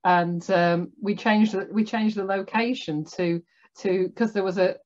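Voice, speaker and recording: A woman's voice: medium pitch, steady tone, unhurried, darkish tone, dull audio. A woman with a Northern English accent, hosting an interview in a chatty way and laughing often. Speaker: host. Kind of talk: casual interview chat.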